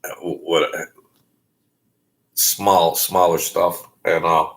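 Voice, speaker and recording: A man telling a story in a halting way, with many fillers and restarts, acting out the voices of the people he quotes. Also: low-pitched, level tone. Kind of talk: casual storytelling.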